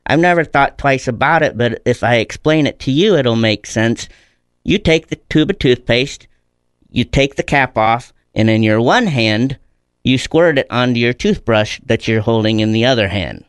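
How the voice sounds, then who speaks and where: A man's voice: medium pitch, animated, moderate pace, clean tone, no echo, clean studio sound. A middle-aged man, a guest in a conversational interview, telling stories in an earnest, reflective way.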